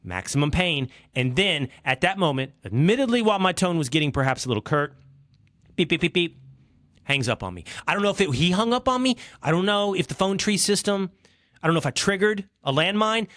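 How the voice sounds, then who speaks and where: A middle-aged man from Texas, hosting a podcast, telling an exasperated, comic story that swings from hushed asides to loud outbursts. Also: sits high, big pitch swings, brisk, no echo, studio quality. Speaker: podcast host. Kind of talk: animated storytelling monologue.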